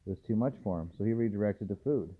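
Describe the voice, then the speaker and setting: A man, a dog trainer, filming a casual vlog at home at night and softly murmuring to calm his dogs between remarks to the camera. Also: fairly low pitch, quick pace, slightly rough. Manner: soft, soothing murmurs to the dogs. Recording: tinny phone-like audio, faint hiss.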